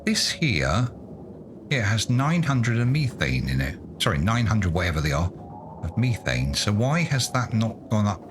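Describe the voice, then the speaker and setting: A man's voice: on the low side, very animated, a little slow, background noise. A man doing let's play commentary, muttering to himself in a self-mocking, exasperated way. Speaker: gaming YouTuber.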